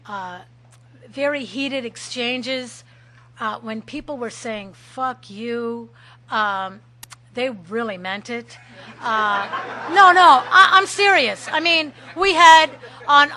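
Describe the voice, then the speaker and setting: A middle-aged woman telling a lively personal story at a recovery meeting, laughing often and acting out shouts. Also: on the high side. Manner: animated, laughing, acts out shouted quotes.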